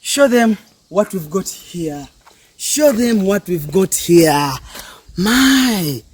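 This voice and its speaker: A man's voice: high-pitched, big pitch swings, very slow, slightly rough. A man from Uganda with a Ugandan accent hosting a travel vlog, exclamatory and repeating his phrases over and over. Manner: exclamatory, repeats phrases, mixes English and Luganda. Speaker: vlog host.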